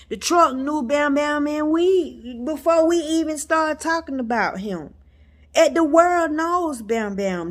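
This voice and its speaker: Woman vlogging, chatty storytelling, kinda high voice, takes her time, keeps saying y'all. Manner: chatty and emphatic, addresses viewers as y'all. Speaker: metaphysics vlogger. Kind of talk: casual storytelling to viewers.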